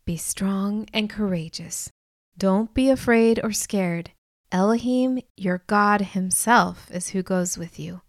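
A woman reading the part of a wise, compassionate man who gently encourages a young woman in a storybook audiobook. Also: medium pitch, slow pace, no room sound, clean studio sound. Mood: gentle, firm.

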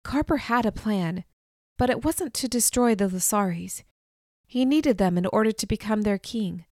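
Audiobook narrator: woman, measured expressive first-person reading, mid-range voice. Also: medium pitch, dry recording, clean studio sound.

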